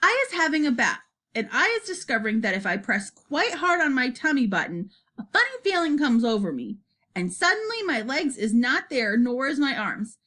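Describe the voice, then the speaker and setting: A woman voicing an excited, boastful young boy telling his dream in broken grammar. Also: high-pitched, moderate pace, exaggerated voice.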